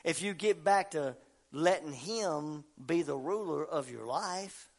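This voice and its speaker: A man preaching a fervent sermon, swinging between quiet talk and shouting. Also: a little high, slow pace. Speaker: pastor.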